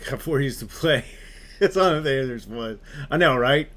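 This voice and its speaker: A man streaming a game, chatting casually with his viewers in an animated, ranting way and swearing freely. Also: medium pitch, moderate pace. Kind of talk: casual chat with live viewers.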